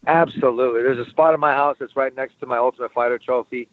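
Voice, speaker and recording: A man being interviewed as a fighter, talking in a brash, profane, energetic way. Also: mid-range voice, fast, no room sound. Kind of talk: casual interview. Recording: phone-like line.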